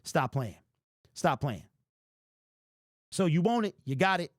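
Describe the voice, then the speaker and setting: A man's voice: a little high, very animated, slow, dry recording, clean studio sound. A young man, hosting a fan channel, hyped and trash-talking as he comments on his team to camera. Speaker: sports fan channel host.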